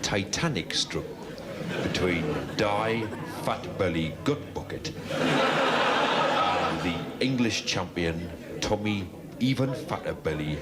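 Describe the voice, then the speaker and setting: A man doing a slow deadpan darts commentator. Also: deep voice, exaggerated voice. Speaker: mock sports commentator in a comedy sketch. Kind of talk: comedy sketch commentary. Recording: noisy archive sketch clip.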